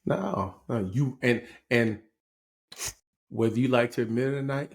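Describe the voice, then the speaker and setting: This podcast co-host, a man in his forties, has a creaky, mid-range voice and a measured pace. He chats casually, spinning stories with plenty of animation and frequent laughter.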